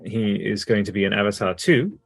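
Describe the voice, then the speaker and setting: A man's voice: on the low side, brisk, creaky, breathy edge, dry recording, clean studio sound, faint music behind. A man with an Australian accent, co-hosting a podcast in a casual, rambling and enthusiastic way with many fillers. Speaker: podcast co-host. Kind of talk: casual chat.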